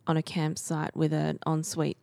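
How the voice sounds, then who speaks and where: A woman's voice: sits low, monotone, normal speed, creaky, darkish tone, no echo. A woman co-hosting a casual book podcast, chatty and encouraging with emphatic asides. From Australia. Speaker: podcast co-host. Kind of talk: casual book-club chat.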